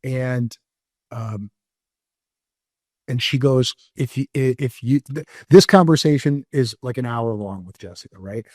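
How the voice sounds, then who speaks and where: A man's voice: medium pitch, darkish tone, no echo. Candid middle-aged man, dry close sound. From Moldova. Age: 40s. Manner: candid, halting, many fillers and restarts. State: near tears. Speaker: podcast guest. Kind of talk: emotional personal storytelling.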